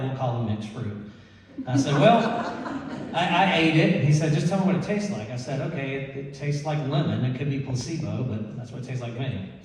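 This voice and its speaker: A man telling a lively personal story to an audience, laughing and acting out the people he quotes. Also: mid-range voice. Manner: animated, laughing storyteller who acts out quotes. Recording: echoey hall, mic far off.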